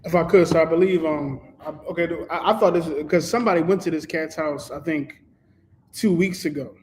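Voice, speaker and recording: A man's voice: a little high, fairly quick, a little hiss or hum, rough recording. A man telling a story on a panel, rambling and stopping to correct himself. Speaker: show panelist. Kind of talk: casual storytelling.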